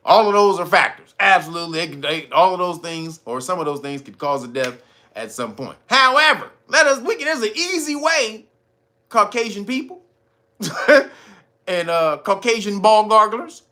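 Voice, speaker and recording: An LA-man rants in a casual commentary, his slangy talk full of laughter and acted-out bits. His voice sits fairly high and bright. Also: normal speed. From Los Angeles. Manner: animated, slangy, often laughing and acting out quotes. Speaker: commentary host.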